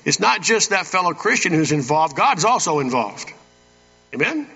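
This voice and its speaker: With a sing-song lilt and a voice a little high, a man preaches at a moderate pace, his tone sharp with a breathy edge. This pastor reads verses and folksily asks "Amen?" between points to the congregation. The recording has a dull, echoey church hall quality.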